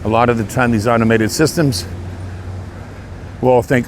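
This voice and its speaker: A man's voice: medium pitch, moderate pace, slight background noise. A man from Canada talking casually while out on a walk, earnest and indignant, with a preachy edge. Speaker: vlogger. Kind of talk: casual walking monologue. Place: outdoors on a walk near traffic.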